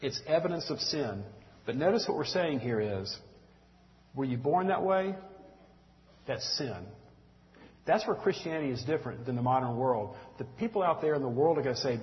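A man's voice: mid-range voice, animated, fairly quick. A middle-aged man with a Southern US accent, from Mississippi, teaching a church group in a folksy, earnest, conversational sermon and calling listeners y'all. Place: church room with audience. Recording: dull lo-fi recording in echoey hall.

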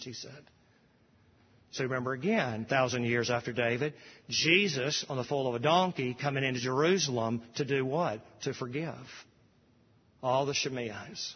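A pastor preaching a sermon, rising to emphatic repeated refrains, recorded from a distance in a church sanctuary. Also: male voice, medium pitch, slightly rough, in a large hall, lo-fi sound.

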